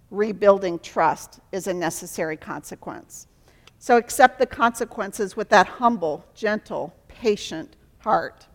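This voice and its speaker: A woman's voice: medium pitch, in a large hall. A woman giving an earnest sermon as a Christian counselor, acting out dialogues to teach.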